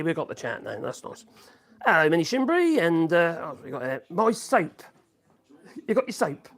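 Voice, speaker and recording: A live-streamer rambling casually while reading out chat messages, humming and chuckling between thoughts, speaking into a phone in a home workshop. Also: medium pitch. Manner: rambling, hums to self, frequent chuckles.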